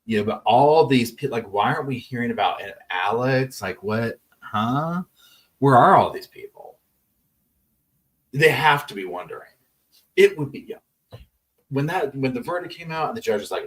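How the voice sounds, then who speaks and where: A man's voice: mid-range voice, very animated, moderate pace, far from the mic. A man hosting a live true-crime chat stream, rambling casually and reading viewer messages aloud. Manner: chatty, rambling, many restarts, reads chat messages aloud.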